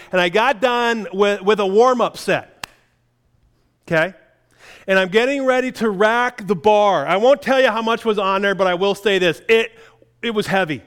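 Middle-aged pastor, smooth, slightly high. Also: male voice, a bit bright. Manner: self-deprecating storytelling with chuckles. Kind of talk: sermon with personal story.

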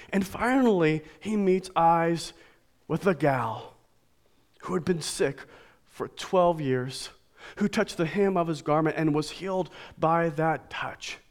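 A male pastor preaching a sermon, emotional and swinging between hushed, soft lines and emphatic, raised ones. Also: on the high side.

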